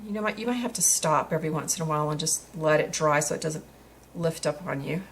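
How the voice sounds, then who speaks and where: A woman's voice: low voice, fast talker, slight background noise. A woman talking through a craft tutorial in a chatty way while she works, with frequent fillers and restarts.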